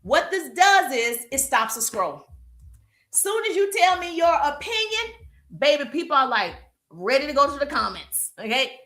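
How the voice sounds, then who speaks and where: A woman business coach giving a live-streamed coaching talk. She is emphatic and energetic, keeps checking in with "okay?" and "right?", and is warm and perspiring from exercise. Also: high voice, normal speed. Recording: echoey room.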